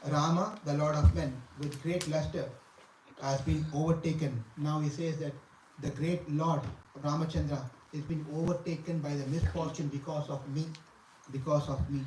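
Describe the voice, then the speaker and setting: Preacher chanting and teaching from afar. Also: male voice, a little high, fairly even intonation, normal speed, darkish tone, a little hiss or hum. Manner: chants Sanskrit verses, then explains with repetition and questions to the audience. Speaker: scripture teacher. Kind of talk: devotional scripture class. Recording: echoey room, from far off.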